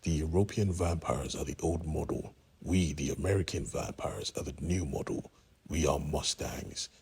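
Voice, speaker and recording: A man's voice: extremely low pitch, normal speed, vocal fry, darkish tone, husky, exaggerated voice. A man voicing a cocky male cowboy vampire who teases and calls her sweetheart, in a comic recap story. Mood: smug.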